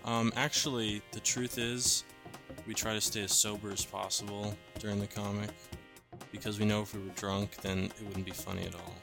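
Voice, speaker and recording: Dry-teasing young man, low voice. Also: flat delivery, normal speed, creaky, music in the background. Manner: dry teasing, wry asides. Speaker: webcomic co-creator and writer. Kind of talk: casual podcast banter.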